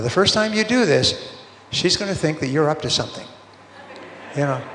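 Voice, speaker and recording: A man with a slightly raised pitch delivers a sales seminar talk, moving through anecdotes and quick snippets of acted-out dialogue. His voice rings through a large hall with a long reverb tail, and faint ambience sits underneath. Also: a bit bright, slight background noise. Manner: storytelling, acts out dialogue with quoted voices. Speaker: sales speaker.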